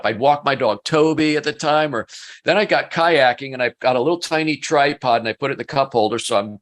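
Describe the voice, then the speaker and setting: A middle-aged man guesting on an interview show, telling stories in a relaxed, self-mocking way. His voice sits at an ordinary middle pitch, and he talks like a man chatting with a friend rather than giving a speech. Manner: chatty, self-mocking storyteller who laughs often. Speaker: guest, business coach. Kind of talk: casual storytelling interview.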